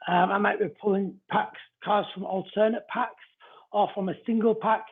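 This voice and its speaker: A high, husky man hosts a live-stream card reading, breaking off to greet viewers by name. His voice comes through thin and narrow, as if over a phone line. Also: steady tone, moderate pace. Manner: chatty, greets viewers between explanations. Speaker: psychic card reader.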